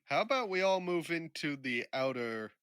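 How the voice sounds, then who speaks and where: A man's voice: fairly high pitch, sing-song, normal speed, a bit bright, clear, resonant tone. A man playing in a tabletop game, talking in an easygoing, practical way. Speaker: player. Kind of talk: casual chat.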